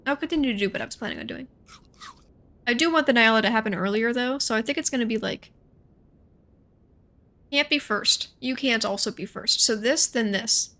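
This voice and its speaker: Bright-voiced young woman chatting through a game. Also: fairly high pitch. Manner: chatty, thinks aloud, quick asides and self-talk. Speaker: gaming streamer. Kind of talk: casual gameplay commentary.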